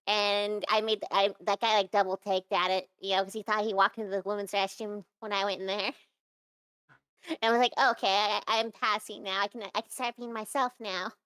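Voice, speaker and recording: Young woman vtuber rambling on a stream interview, smooth clean voice, dry close sound, lots of likes and restarts. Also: mid-range voice, level tone, brisk, a bit bright, no echo. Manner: rambling, many fillers and restarts. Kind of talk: casual interview chat.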